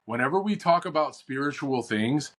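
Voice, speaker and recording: A man from Chicago hosting a podcast, chatting in a relaxed, slangy, rambling way. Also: medium pitch, normal speed. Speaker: podcast host. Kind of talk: casual podcast chat.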